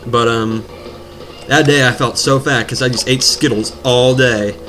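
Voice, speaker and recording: A man's voice: mid-range voice, steady tone, a little slow, fairly bright tone. A man rambling and joking as he commentates his own gameplay, drifting from topic to topic. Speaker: let's play commentator. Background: video game music.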